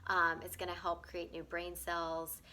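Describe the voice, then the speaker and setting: A woman leads a gentle breathwork lesson in a bright, slightly low voice. She explains patiently, repeats herself and checks in often. A faint background hum sits under her speech. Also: monotone, unhurried. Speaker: breathwork teacher.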